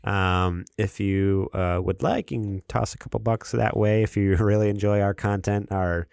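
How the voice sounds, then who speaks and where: A man's voice: lowish voice, steady tone, moderate pace, gravelly, darkish tone, smooth, dry recording. A man co-hosting a podcast in casual chat, with a dry, teasing, laid-back way of talking. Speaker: podcast co-host.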